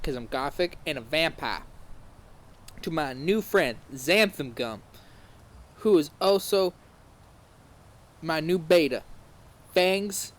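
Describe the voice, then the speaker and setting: A man giving a comedic dramatic reading aloud, stumbling over words and reading in a mock-serious way. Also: a little high. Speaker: podcast host reading aloud.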